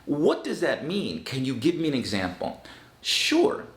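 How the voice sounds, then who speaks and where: A man giving an online English lesson, talking slowly and deliberately with firm emphasis. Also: mid-range voice, huge pitch swings, echoey room. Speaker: English teacher.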